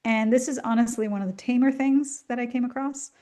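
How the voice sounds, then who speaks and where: A woman's voice: a little high, fairly even intonation, fairly quick, dark tone. A woman giving a chatty, enthusiastic talk with many ums and asides, coughing now and then as she gets over a flu. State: coughing, at the tail end of a flu. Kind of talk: casual illustrated lecture.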